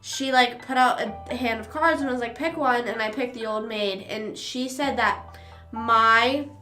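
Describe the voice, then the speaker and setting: A woman's voice: fairly high pitch, measured pace, bright, forceful tone. A young woman streamer rambling in casual chat at home, with lots of fillers. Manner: rambling and chatty, with frequent fillers. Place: home room. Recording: roomy echo, faint music behind.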